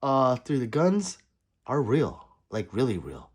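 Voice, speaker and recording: A man's voice: mid-range voice, wildly swooping pitch, takes it slowly, breathy edge. A man livestreaming casually, reading his chat aloud and joking back at viewers.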